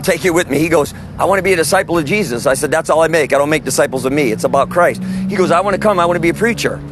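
Guy street preaching, fairly high voice, tells stories w/ dialogue, faint traffic behind. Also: fairly bright tone. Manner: storytelling, emphatic, quotes others in dialogue. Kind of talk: open-air preaching.

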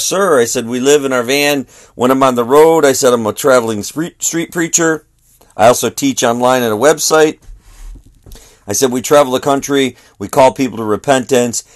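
A middle-aged man, a traveling preacher, recounts a conversation in a plain storytelling voice. He acts out both sides of the exchange. His pitch sits in the ordinary middle range.

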